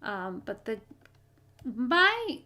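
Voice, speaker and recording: A woman hosting her own live stream, talking in an earnest, hesitant way with many pauses and fillers. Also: fairly high pitch, big pitch swings, sharp tone. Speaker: channel host.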